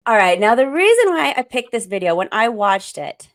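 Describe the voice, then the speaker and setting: A woman's voice: fairly high pitch, big pitch swings, moderate pace. A middle-aged woman hosting a parenting show, thinking aloud in a reflective, conversational way. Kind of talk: conversational podcast talk.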